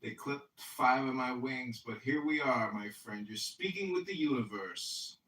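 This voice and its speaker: A man's voice: medium pitch, measured pace, roomy sound, distant mic, poor audio. A man hosting a casual chat on an audio app, upbeat and full of slogans. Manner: upbeat, greets loudly, speaks in slogans. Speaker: podcast host and political candidate.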